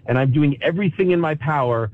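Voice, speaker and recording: A man's voice: a little high, fast talker. A man in his forties from Canada, calling in to a show and talking with emotion, full of restarts. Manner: emotional, restless, many restarts. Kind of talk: casual chat. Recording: tinny phone line.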